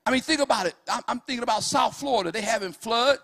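A man preaching a fervent sermon in a church, swinging from loud calls to hushed storytelling. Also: very high-pitched, fast talker. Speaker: pastor.

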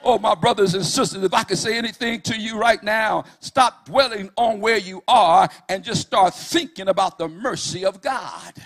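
A man preaching a fervent sermon in a church, swinging from loud calls to hushed storytelling. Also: sits high, normal speed, few pauses. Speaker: pastor.

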